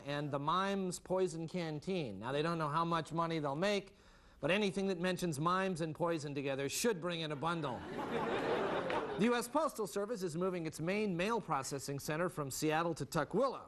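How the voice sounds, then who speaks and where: A man reading joke news items as a deadpan comedy anchor before a studio audience. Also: on the high side. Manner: dry, deadpan joke delivery. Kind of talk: deadpan mock newscast. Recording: live studio audience, loud laughter and noise.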